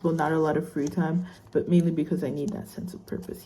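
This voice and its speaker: A young woman who is a student vlogs casually while unboxing a laptop, chatty and rambling with plenty of fillers. Her voice sits low and dark, with little pitch movement and a slightly fast pace.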